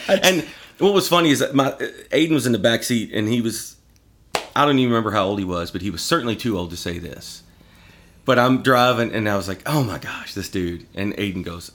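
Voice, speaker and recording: A middle-aged man as podcast guest, telling stories in an animated, profane casual chat. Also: on the low side, fairly quick, slight background noise.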